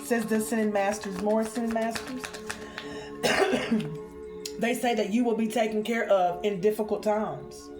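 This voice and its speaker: A woman doing a spiritual card reading for her viewers, expressive and chatty, calling them honey and y'all. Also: medium pitch, unhurried, pauses often, over music.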